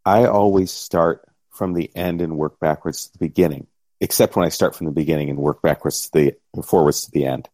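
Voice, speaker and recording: A middle-aged man with a low, mellow voice talks casually on a podcast. His delivery is easygoing with a dry wit, and the close mic leaves the sound dry and free of room echo. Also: steady tone, brisk. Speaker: podcast co-host and game master.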